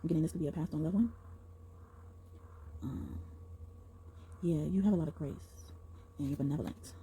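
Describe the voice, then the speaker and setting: A young woman giving a casual tarot reading to her viewers, excited and rambling, often breaking into exclamations and slang. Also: sits low, moderate pace, slight background noise, low-quality recording. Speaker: tarot reader.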